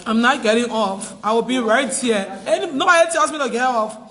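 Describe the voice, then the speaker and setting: A woman's voice: a little high, normal speed, fairly bright tone, big-room sound. A Liberian woman making a distressed, tearful plea on a phone livestream, insisting again and again in a pleading tone. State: crying, distressed.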